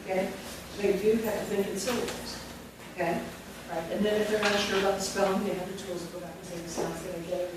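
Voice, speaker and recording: A woman's voice: medium pitch, flat delivery, fast talker. A woman leading a teacher training workshop, dictating words and quizzing the room. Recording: very echoey room from far off, with noise.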